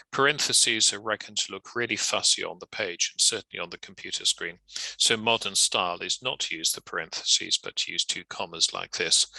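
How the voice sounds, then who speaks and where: A man teaching grammar and punctuation in a relaxed lecture, with a chatty manner and casual asides. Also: deep voice, vocal fry, no echo, poor audio. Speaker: legal writing trainer. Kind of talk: instructional lecture.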